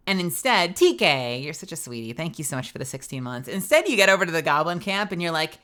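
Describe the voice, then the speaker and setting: A woman voice actor chats with her stream in a loose, rambling way, with lots of fillers. Her voice sits a little low, but its tone comes through bright and crisp. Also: a little fast. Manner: chatty, rambling, filler-heavy. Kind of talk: casual live-stream chat.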